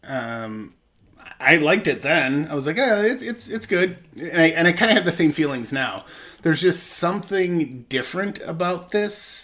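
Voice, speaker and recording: A man's voice: mid-range voice, a bit bright. A man co-hosting a podcast, talking casually over beers and telling rambling stories full of "like" and "I'm like". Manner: rambling, chatty storyteller with lots of "like" and "I'm like". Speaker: podcast co-host.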